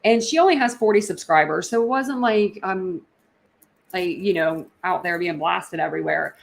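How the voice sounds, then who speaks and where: A woman hosting a casual livestream, talking in a rambling way with lots of fillers and quick laughs. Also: fairly low pitch, creaky. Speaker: livestream host.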